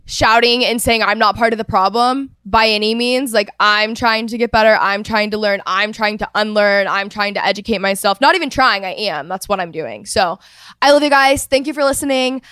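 Effusive young woman host, smooth voice. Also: mid-range voice, normal speed, bright, forceful tone, no echo, studio quality. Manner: gushing, effusive, many "like" fillers. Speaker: podcast host. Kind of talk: casual chat.

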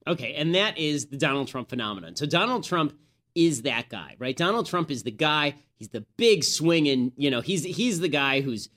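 Brisk, opinionated male podcast host. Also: on the high side, animated, a bit bright. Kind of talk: political commentary podcast.

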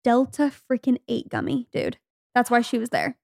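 With a highish voice, vocal fry, and a moderate pace, this twentysomething podcast co-host talks casually in clean studio sound with no room sound. She tells chatty stories and performs the quotes of the people in them in a lively way.

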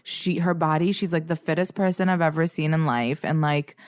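Low-voiced woman chatting as a podcast guest. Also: fairly even intonation, brisk, darkish tone, dry recording, clean studio sound. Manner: rambling, heavy use of "like". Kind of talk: casual chat.

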